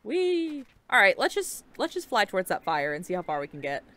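A young woman giving casual, excitable let's-play commentary while playing a game, chatty and swearing casually. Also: on the low side, fast. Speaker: gaming video creator.

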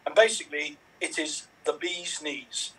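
A man's voice: on the high side, a little slow, pushed and bright, breathy edge, exaggerated voice. A man voicing a cheery Irish Canadian man raised by television, with a playful, put-on Irish accent. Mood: cheeky. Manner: sing-song, playful, cheeky. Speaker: improv performer. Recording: distant from the mic.

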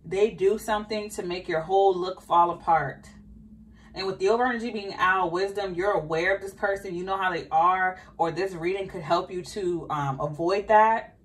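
A woman's voice: fairly low pitch, moderate pace, distant mic. A woman with a slight Southern American accent, giving a chatty, think-aloud tarot reading to her viewers. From Southern United States. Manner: chatty, thinking aloud, repeats questions to spirit. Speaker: tarot reader. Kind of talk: casual tarot reading monologue.

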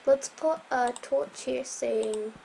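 A woman with a slightly high voice commenting on her gameplay at an unhurried pace. She rambles, restarts her sentences and sometimes sinks into a soft whisper, her voice a little strained. Faint keyboard clicks sit in the background. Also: gravelly, slight background noise, poor audio. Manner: rambling, self-correcting, chatty. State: voice a bit strained. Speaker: Minecraft let's player.

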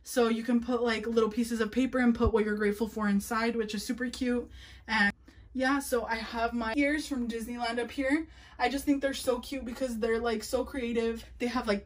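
A young woman with a slightly high voice gives a casual room-tour vlog. She talks fast and chats nervously, piling on fillers as she shows off her space. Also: steady tone. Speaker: nail artist showing her workspace.

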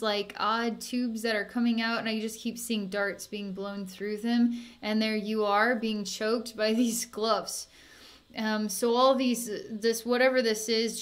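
A woman with a high-side voice works as a psychic healer, guiding an energy healing session in a soft, soothing way. She sighs and laughs lightly as she talks.

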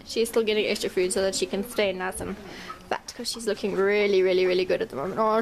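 Over a noisy background, a woman with a gravelly voice talks fast and barely pauses, her intonation fairly even. It's a relaxed walk-and-talk vlog around her stables, where she chats to viewers and sing-songs high-pitched calls to the horses.

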